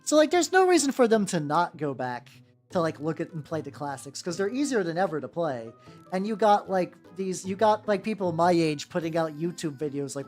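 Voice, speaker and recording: Painting miniatures on her livestream, this young American VTuber has a lowish, sing-song, slightly mellow voice at a moderate pace. Her casual chatter rambles, full of restarts, filler words and offhand swearing, over faint background music.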